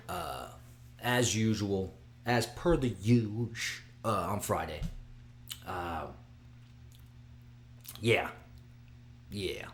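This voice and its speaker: A man hosting his own video, talking excitedly and rambling, with frequent restarts and sudden drops to a mutter. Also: on the low side, slow, creaky, long pauses. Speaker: vlog host giving fight picks. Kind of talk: casual solo video chat.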